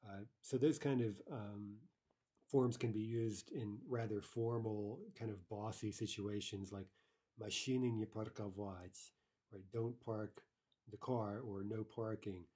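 A man with a low, mellow voice and a slightly husky edge leads a grammar lesson. He explains each rule patiently and reads every example aloud more than once. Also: steady tone, measured pace. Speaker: language teacher.

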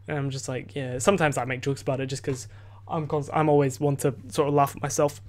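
A man's voice: mid-range voice, level tone, fast, darkish tone. A teenage boy hosting his podcast, telling a story in a rambling casual way, full of fillers and restarts and casual swearing. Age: teens. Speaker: podcast host. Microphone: desk microphone.

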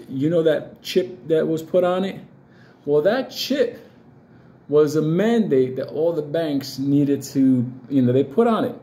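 Blunt, profane man with a mellow voice. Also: medium pitch. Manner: blunt, profane, hammering rhetorical questions. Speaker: crypto commentator. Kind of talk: casual crypto commentary.

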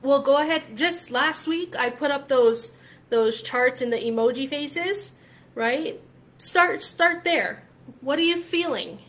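A woman with a high, slightly bright voice speaks slowly in a casual talk to camera. She's a spiritual coach, chatty and emphatic, who often finishes points with "right?" and curses freely.

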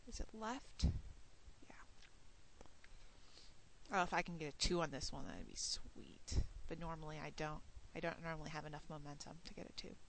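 A woman's voice: sits low, expressive, normal speed, creaky, fairly bright tone, slight background noise, low-quality recording. A woman casually commentating her gameplay outdoors at night, muttering and swearing under her breath at missed shots. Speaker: let's play host.

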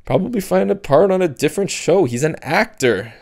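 A sulky teenage girl who snaps and sneers at everyone around her, as a male narrator puts her on. Her voice sits well above his own and carries a faint gravelly edge. It sounds like an audiobook reading. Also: high-pitched, expressive, fairly quick, a little mellow, pitched above the performer's own voice. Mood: scornful. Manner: scornful, snapping.

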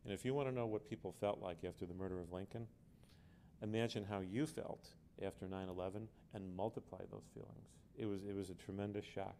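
A man's voice: low voice, steady tone, a little fast, mellow, slight background noise. A man speaking as an author on a book festival panel, earnest and emphatic, often repeating words as he goes. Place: book fair event.

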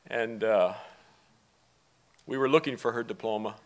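A middle-aged man with a very low voice speaks at a memorial in a church. He talks softly and haltingly, stopping often to gather himself. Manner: soft-spoken, halting, with pauses. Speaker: father speaking at a memorial service. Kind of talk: personal eulogy and reading aloud. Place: church sanctuary.

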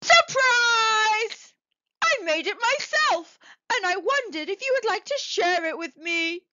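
A woman's voice: very high voice, animated, takes it slowly, fairly bright tone, dry recording, voice pushed up, exaggerated voice. Figure: a woman doing Shark, lonely sea beast. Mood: excited. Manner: snappy, then eager and cheerful. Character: big scary-looking male shark, lonely but kind. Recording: dull lo-fi dry recording.

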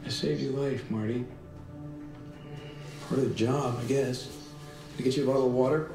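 An actor playing a smooth, manipulative schemer who speaks calmly and coaxingly. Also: male voice, medium pitch, moderate pace, natural voice. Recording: roomy TV clip with music.

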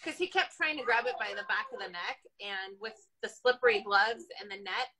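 A woman, an animal control officer, telling a story from her work in an animated, casual way, laughing often. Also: medium pitch, a little fast, a crowd in the background, rough recording.

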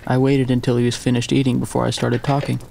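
Man, first-person audiobook narration, gravelly voice, measured and quiet, faint ambience behind. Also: medium pitch, completely flat delivery, slight background noise.

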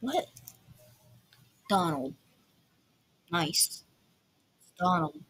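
A woman doing casual reaction commentary, breaking into quick incredulous outbursts. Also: lowish voice, big pitch swings, fairly bright tone, slight background noise, rough recording. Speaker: video reactor.

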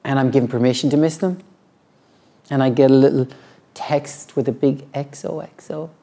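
A middle-aged man, a yoga teacher, talking reflectively and earnestly about his practice, halting often and restarting his sentences. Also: medium pitch, steady tone, creaky, warm tone. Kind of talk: reflective personal talk.

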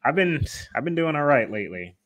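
A man's voice: fairly high pitch, very animated, fairly quick, very noisy. Laid-back man greeting chat viewers. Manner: laid-back, laughs often, reads out chat names. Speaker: livestream co-host.

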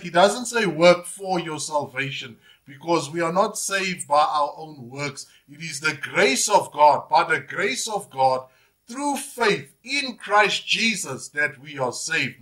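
A man's voice: a little high, bright, forceful tone. A man, preaching a sermon as pastor, emphatic and repetitive, often saying "Praise God". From South Africa.

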